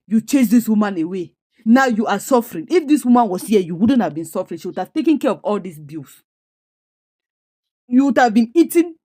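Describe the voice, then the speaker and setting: A woman's voice: medium pitch, warm tone, no room sound, natural voice. Nigerian woman reading a meddling male schemer, exclamatory, dry close sound. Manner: pushy, exclaiming.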